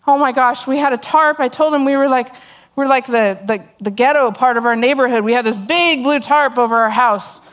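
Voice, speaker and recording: A woman's voice: high-pitched, a little fast. A middle-aged woman giving a humorous testimony talk to a church audience, telling a story with sarcastic asides and frequent laughter. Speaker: speaker at a church gathering.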